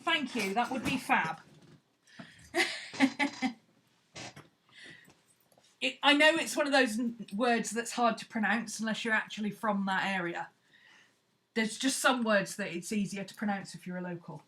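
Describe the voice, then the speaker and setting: A woman's voice: a little high, a little slow, pauses often, a bit bright, slight background noise. A woman chatting casually and playfully, thinking aloud as she works on a craft project. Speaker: craft vlogger.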